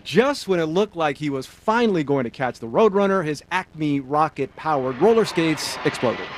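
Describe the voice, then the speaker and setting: A male TV host reading a scripted intro and interviewing a guest, with a lively, playful delivery. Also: fairly high pitch, normal speed, noisy background.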